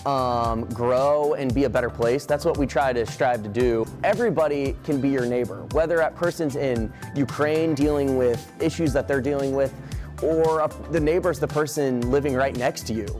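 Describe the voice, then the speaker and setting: A man's voice: medium pitch, moderate pace, music in the background. Earnest man speaking about helping neighbors. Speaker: charity organizer. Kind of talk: interview soundbite.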